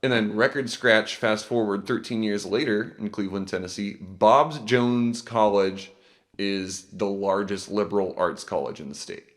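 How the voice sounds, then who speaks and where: A man's voice: fairly low pitch, normal speed. A man hosting a casual podcast, telling a history story with a lot of swearing and laughter. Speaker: podcast host presenting research.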